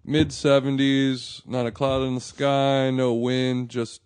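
A man's voice: mid-range voice, level tone, takes it slowly, darkish tone, smooth, dry recording. A man hosting a food podcast, telling stories and joking in casual chat with friends. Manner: joking, storytelling. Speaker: podcast host.

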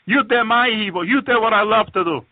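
A man's voice: sits high, brisk, dry recording, pitched above the performer's own voice, lightly acted. A man voicing a mocking Satan who taunts the damned, heard over a tinny phone line. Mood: taunting. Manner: gloating, taunting.

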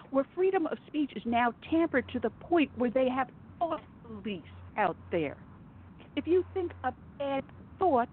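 A woman hosting a conservative talk radio show, delivering an impassioned, emphatic monologue with sarcastic asides. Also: fairly high pitch. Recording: phone-like narrow audio with faint noise.

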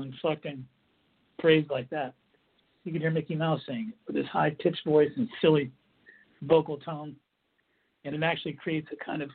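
Husky guy explaining coping stuff, kinda repeats himself, sounds like a phone line. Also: a little high. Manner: earnest, repetitive, restarts phrases while explaining. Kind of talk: instructional talk. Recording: tinny phone-like audio.

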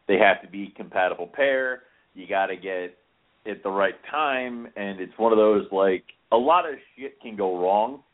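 A man's voice: on the low side, normal speed. A man co-hosting a podcast in casual chat, rambling and self-deprecating, with casual swearing. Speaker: podcast co-host. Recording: tinny phone-like audio.

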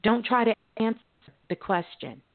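A woman hosting a call-in radio show, giving calm spiritual advice with folksy, chatty asides. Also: on the high side, normal speed. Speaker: radio call-in host and psychic medium. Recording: phone-like narrow audio.

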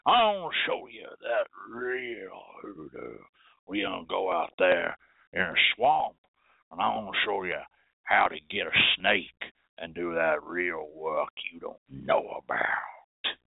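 A man putting on a boastful backwoods hoodoo guide with a Southern country drawl, dropping low and slow toward a hushed whisper. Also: lively intonation, creaky, slightly rough, no room sound, heavily acted. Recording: tinny phone-like sound, dry.

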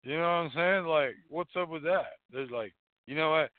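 A man's voice: a little high, normal speed, no echo. A man hosting a call-in show, rambling casually with profane, mocking jokes. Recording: phone-like dry lo-fi audio.

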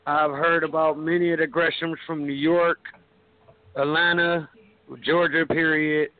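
Man, 40s, from Cleveland, caller, steady, high-ish flat voice, dry phone sound. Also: a little slow, dry recording. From Cleveland, Ohio. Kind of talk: casual introduction on a call. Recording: tinny phone-line audio.

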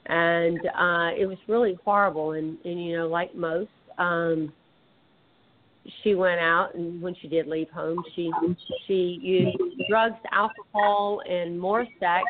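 A woman's voice: lowish voice, steady tone, slow, slight background noise. Chatty Southern woman on a phone line. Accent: Southern US twang. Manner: chatty, many restarts and fillers. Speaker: guest author. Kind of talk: casual conversation.

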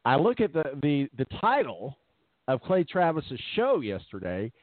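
A man's voice: fairly high pitch, wildly swooping pitch, a little slow, no room sound. Joking sports talk man on a phone line. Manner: jokey, rambling, trails into asides. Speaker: sports talk show co-host. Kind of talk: casual sports radio banter. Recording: tinny phone-line sound, dry.

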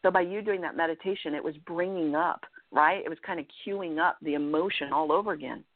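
Woman, life coach guest, earnest, animated, keeps asking "right?", tinny phone audio, no room echo. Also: deep voice, fairly quick. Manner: earnest, animated, frequent "right?" check-ins. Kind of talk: coaching advice in a podcast interview. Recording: dry, tinny phone-line sound.

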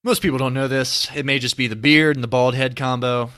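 A young man in his twenties hosts a podcast with a bright, forward voice. He muses at length in a relaxed, rambling way, often circling back to restart his thoughts. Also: mid-range voice, fairly quick. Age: 20s. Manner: rambling, reflective, many restarts. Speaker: podcast host. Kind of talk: casual chat.

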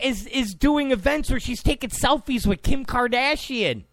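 A man's voice: extremely high pitch, very animated, measured pace, gravelly, hardly any pauses, a bit bright, no echo. A man delivering a ranting political commentary, exasperated and mocking, repeatedly scoffing "come on.".

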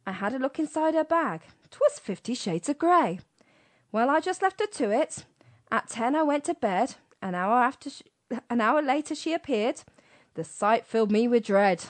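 A woman's voice: on the high side, animated, normal speed. A British woman co-hosting a radio show, teasing and hurrying her co-host in casual banter.

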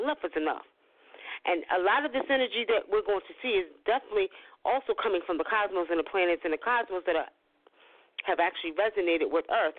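A woman's voice: lowish voice, no room sound. A woman in her forties, a psychic talking casually to her listeners, swearing freely and addressing them directly. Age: 40s. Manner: profane, folksy, keeps addressing listeners directly. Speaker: psychic giving predictions. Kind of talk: casual spiritual monologue. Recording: tinny phone line, dry.

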